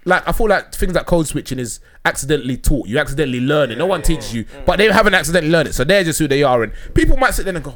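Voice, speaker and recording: A young man in casual podcast chat, animated and slangy, often repeating himself. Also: fairly high pitch, racing, hardly any pauses, crowd noise. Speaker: podcast host.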